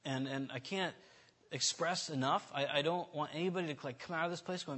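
A man's voice: a little high, fairly quick, fairly bright tone, breathy edge. A man giving an informal sermon in a candid, self-deprecating, conversational way, often restarting his sentences. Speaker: preacher.

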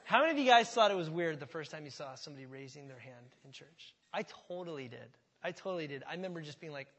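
A man's voice: fairly high pitch, expressive, quick pace, hardly any pauses, a bit bright. A man preaching a sermon in a church, speaking conversationally and putting questions to the congregation. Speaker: pastor. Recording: hall reverb.

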